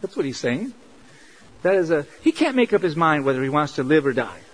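A man's voice: on the high side, sing-song, fast, rough recording. A man preaching a sermon in an earnest, conversational way, driving points home with repetition. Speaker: pastor.

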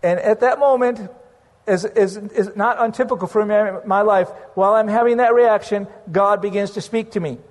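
A man's voice: high-pitched, normal speed. Earnest preacher man in a reverberant hall. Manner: earnest storytelling, slips into praying aloud. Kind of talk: sermon testimony.

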